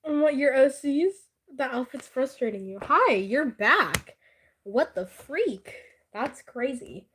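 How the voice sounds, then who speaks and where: A high-pitched woman chatting casually, drawn out and unhurried in her delivery. She giggles often and teases her friend, swearing freely. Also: lively intonation, darkish tone, husky. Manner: giggly, teasing, laughs often. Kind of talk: casual chat.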